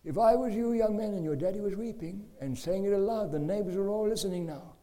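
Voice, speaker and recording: A man's voice: high-pitched, a little fast, mellow, pitched above the performer's own voice, close to an everyday voice. A man voicing his father, a zealous preacher who pleads and warns with fervent intensity. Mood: fervent preaching.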